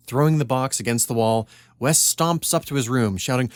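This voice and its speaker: A man's voice: medium pitch, fairly quick. A man co-hosting a comedy podcast, reading his own script aloud with wry asides and frequent laughs. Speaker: podcast co-host.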